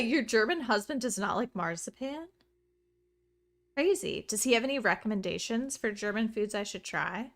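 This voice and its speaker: A woman streamer giving chatty, excitable let's play commentary full of rambling asides. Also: fairly high pitch, moderate pace.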